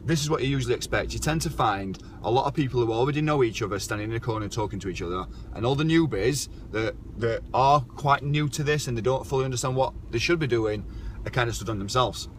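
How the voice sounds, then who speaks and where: A man's voice: medium pitch, fast. A man hosting a casual live-stream chat, talking bluntly and swearing now and then. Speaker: show host. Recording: faint background noise.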